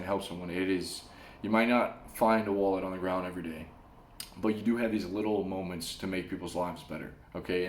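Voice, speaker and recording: Slangy animated man in an echoey room. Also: fairly low pitch, slight background noise. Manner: animated storyteller, slangy, says "bro" and "man". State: sweating from the heat. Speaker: vlogger. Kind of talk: casual advice monologue. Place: small room, air conditioner switched off.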